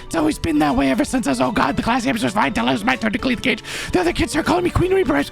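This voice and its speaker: A man's voice: extremely high pitch, racing, creaky, soft background music, pitched above the performer's own voice, exaggerated voice. A man voicing a vain, pushy old woman who scolds and rambles, for a game playthrough. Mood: haughty, rambling.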